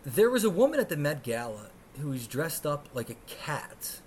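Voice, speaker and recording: A man's voice: a little high, big pitch swings, normal speed, a little mellow, slight background noise. A man in his thirties from the United States, hosting his podcast alone in a profane, sarcastic rant. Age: 30s. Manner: ranting, sarcastic and profane, swinging between mutters and outbursts. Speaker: podcast host.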